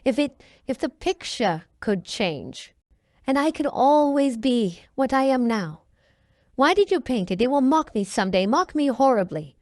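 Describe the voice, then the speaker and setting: A woman's voice: high voice, sing-song, measured pace, darkish tone, no echo, studio quality, pitched above the performer's own voice. A woman voicing a vain young man who dreads growing old, speaking in a pleading, anguished way. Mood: bitter.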